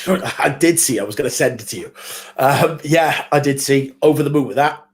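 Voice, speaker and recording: A man's voice: mid-range voice, normal speed. Laid-back man giving brief replies. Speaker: football watchalong co-host. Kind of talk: casual live football chat.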